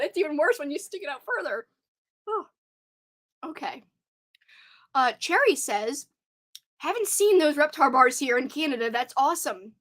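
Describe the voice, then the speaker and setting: Young woman streamer, high bright voice, chatty and excitable, reads comments out loud. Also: normal speed, long pauses. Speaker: live stream host. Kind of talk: casual live stream chat.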